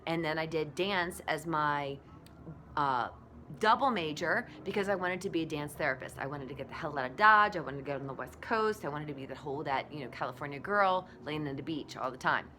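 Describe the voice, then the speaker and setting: A woman in her forties, a blogger giving a candid, animated motivational talk. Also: deep voice, moderate pace, a little hiss or hum.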